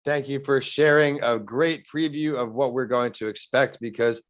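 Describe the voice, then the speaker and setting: A man's voice: medium pitch, moderate pace. A young man hosting a podcast, reading an earnest, upbeat intro and questioning his guest. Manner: earnest, upbeat, reads from a script. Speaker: podcast host. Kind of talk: scripted podcast intro and interview.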